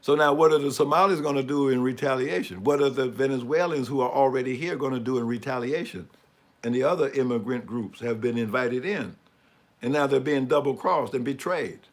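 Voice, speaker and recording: A man comments on news images in a live stream, his mid-range voice moving fairly quickly. His remarks are mocking and sarcastic, and he asks for the next image as the slides go by.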